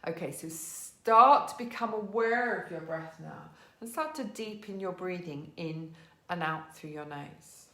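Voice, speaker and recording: Gentle woman teaching yoga in an echoey room. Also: on the low side, unhurried. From England. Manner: gentle, encouraging cues, greets students by name. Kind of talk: live online yoga class instruction. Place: living room at home.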